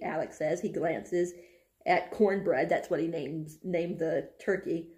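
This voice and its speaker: A woman's voice: on the low side, takes it slowly, darkish tone. A young woman casually reading passages aloud from a book and chatting about them, breaking into giggles often. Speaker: book vlogger.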